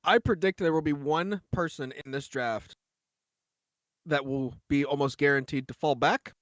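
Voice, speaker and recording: A man making draft picks in casual chat, laid-back with quick quips. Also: on the high side, fairly bright tone, dry recording.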